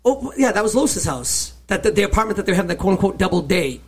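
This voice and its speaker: A man co-hosting a casual podcast chat about a film, talking in halting bursts with many restarts. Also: high voice. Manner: halting, restarts often, animated. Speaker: podcast co-host.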